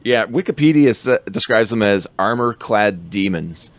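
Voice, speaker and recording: A man's voice: lowish voice, lively intonation, moderate pace, no echo. A man co-hosting a podcast, rambling through a film recap in casual chat, laughing often.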